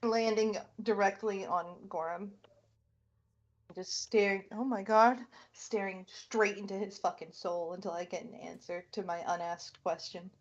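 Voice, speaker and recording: A woman playing a tabletop roleplaying game, excitable, laughing often and swearing casually. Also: medium pitch, a little slow, highs cut off. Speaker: player.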